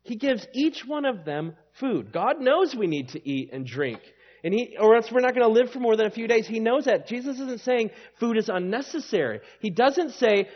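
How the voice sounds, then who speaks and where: A man's voice: very high voice, expressive, normal speed. A male pastor preaching a sermon in an emphatic, conversational way that leans on rhetorical questions, in a slightly dull recording.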